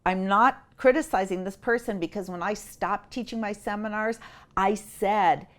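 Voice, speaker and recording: Animated middle-aged woman telling a story. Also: moderate pace. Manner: animated, acts out quotes with big pitch jumps. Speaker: interview guest. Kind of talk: personal storytelling in an interview.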